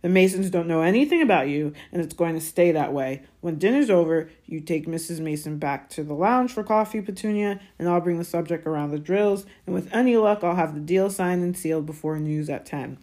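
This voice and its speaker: A woman's voice: fairly low pitch, fairly quick, few pauses, close to an everyday voice. A woman voicing a bullying middle-aged uncle who barks his orders nastily. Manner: loud, barking, nasty.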